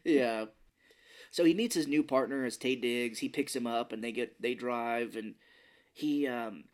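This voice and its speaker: A man in casual conversation, co-hosting a movie podcast. He rambles through the plot with frequent laughter. Now and then he slips into a gruff, whispered impression of the characters. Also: mid-range voice, a little slow. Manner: chatty, laughs often, acts out quotes in a gruff whisper. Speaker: podcast co-host. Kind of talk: casual movie recap chat.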